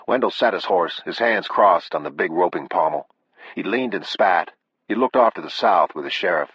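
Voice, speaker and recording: A man narrating an audiobook in a measured, unhurried reading. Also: low voice, animated, a bit bright, slightly rough, dry recording. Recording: dull, dry lo-fi audio.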